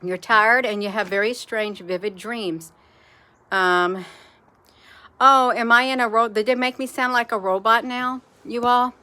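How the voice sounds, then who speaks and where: Woman, casual live-stream host; rambling and chatty, bright tone. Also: fairly high pitch, fairly even intonation, a little slow, clean tone. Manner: rambling, chatty, addresses viewers as "you all".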